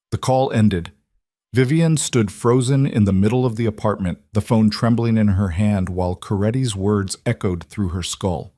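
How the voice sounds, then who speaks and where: A man reading a story as its narrator, in steady scripted narration. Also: fairly low pitch, normal speed, no echo, studio quality.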